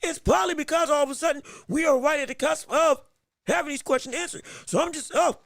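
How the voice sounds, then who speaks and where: High-voiced, excitable man hosting a live podcast. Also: fast talker, gravelly, no room sound. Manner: energetic, excitable, frequent restarts and hype greetings. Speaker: podcast host. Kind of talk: live-stream boxing podcast, reading the chat.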